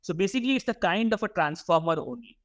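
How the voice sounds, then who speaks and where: A man's voice: high-pitched, big pitch swings, fast, no room sound. A young man teaching a workshop class, often repeating words and putting questions to the students. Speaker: workshop instructor. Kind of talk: classroom lecture.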